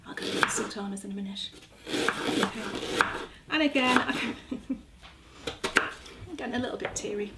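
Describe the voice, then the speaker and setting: A slightly high-voiced gardening vlogger, middle-aged, talks at a normal speed but with long pauses as she prepares a recipe in her kitchen. Chatty and self-mocking, she keeps talking while she works, and background noise is present.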